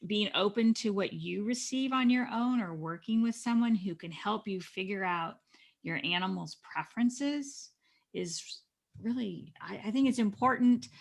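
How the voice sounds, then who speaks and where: A woman's voice: medium pitch, gravelly. A middle-aged woman, an animal communicator, talking earnestly as an interview guest and often restarting her sentences. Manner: earnest, advising, with frequent restarts. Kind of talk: conversational interview.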